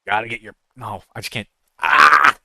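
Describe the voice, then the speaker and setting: A man chatting casually on a gaming stream has a fairly low, a bit bright voice and talks briskly and very animatedly. He rambles, keeps breaking off, and tries voice impressions along the way.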